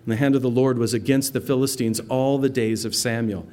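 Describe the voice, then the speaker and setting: Speaking briskly in a mid-range male voice, a pastor teaches a Bible passage one verse at a time. He keeps it easygoing and conversational, unpacking word meanings and reciting scripture with emotion.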